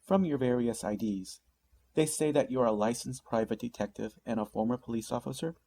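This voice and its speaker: A man voicing a brisk, commanding woman captain with a slight Greek accent in a storybook reading. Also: mid-range voice, mellow, close to an everyday voice. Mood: brisk stern.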